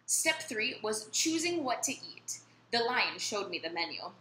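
A woman reading a children's story aloud in a friendly, lively storytime manner, speaking to young listeners. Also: on the high side, unhurried. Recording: echoey room, faint noise.

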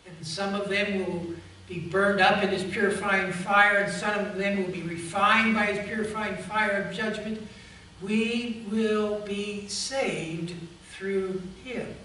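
Bright-voiced pastor in an echoey church. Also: male voice, sits high, recorded from a distance, a little hiss or hum. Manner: emphatic preaching, addresses the congregation as folks. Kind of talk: sermon. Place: church sanctuary.

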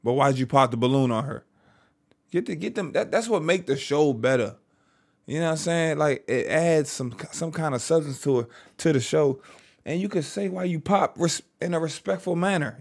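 A man's voice: a little high, animated, normal speed, vocal fry. Give me a slangy Maryland man riffing over a clip. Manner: loose slangy running commentary, riffing at the screen. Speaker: reaction video host. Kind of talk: casual reaction commentary.

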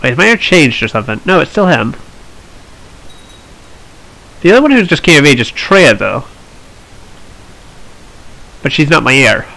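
Bright-voiced man narrating his gameplay. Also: on the high side, sing-song, moderate pace, vocal fry, pauses often, rough recording. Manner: chatty, thinking aloud, wry asides. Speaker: let's play host. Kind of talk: strategy gameplay commentary.

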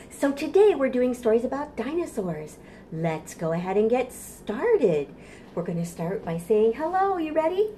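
A woman's voice: on the high side, warm tone, a little hiss or hum. A woman children's librarian leading a toddler storytime from her home kitchen, cheerful and sing-song as she talks to small children.

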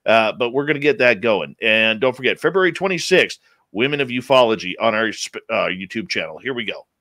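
A man's voice: fairly quick, dry recording. A man hosting a radio talk show, upbeat and jokey, with big swings in his delivery. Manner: energetic, jokey announcer delivery with big pitch jumps.

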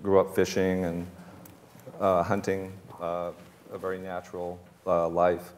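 Boston-accented chef in his fifties, very low voice, loose rambling storyteller, reverberant hall. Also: monotone, measured pace, a little mellow, a little hiss or hum. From Boston area. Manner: rambling, many fillers and restarts, chuckles between thoughts. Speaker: chef and restaurateur, panel guest. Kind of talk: casual storytelling on a panel.

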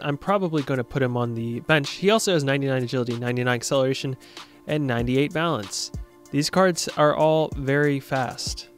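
A young man giving casual, jokey commentary over a football video game, talking straight to his viewers. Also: a little high. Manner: jokey, excitable, talks to viewers. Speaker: gaming YouTuber.

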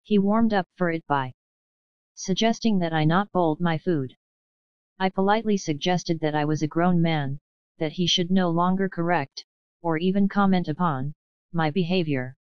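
A woman narrating a novel as an audiobook in an even, measured first-person reading. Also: on the low side, smooth, no room sound, dull audio.

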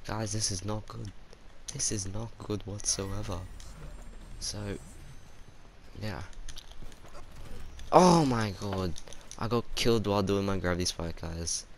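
A man giving chatty live commentary over his own shooter match, reacting out loud to every kill and death. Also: on the low side, slow pace, pauses often, a little hiss or hum. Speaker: gaming YouTuber.

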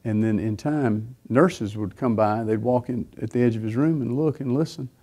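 A man's voice: medium pitch, normal speed, mellow, breathy edge. A middle-aged man preaching, telling a personal story in a rambling way with many fillers and restarts. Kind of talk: sermon testimony.

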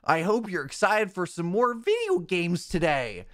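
A man putting on a high, mock-cheerful streamer persona in an exaggerated, sing-song way. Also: huge pitch swings, unhurried, fairly bright tone, full character voice. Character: over-eager male streamer persona, squeaky and gushing. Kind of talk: comedic parody voice.

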